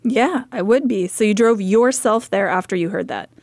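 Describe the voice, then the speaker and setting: A woman's voice: medium pitch, moderate pace, a little mellow, no echo. A woman hosting a talk show, who encourages her guests and wraps up with short affirmations. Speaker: radio show host.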